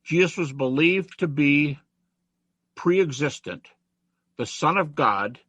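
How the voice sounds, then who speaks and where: A man giving an online lecture, animated and chatty, reciting rhymes and quotes as he teaches over a video call. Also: on the high side, takes it slowly, dry recording.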